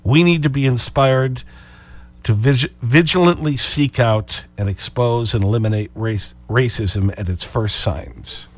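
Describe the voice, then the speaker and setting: A man hosting a call-in radio talk show, sarcastic and animated, hammering phrases over and over. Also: mid-range voice, a little slow.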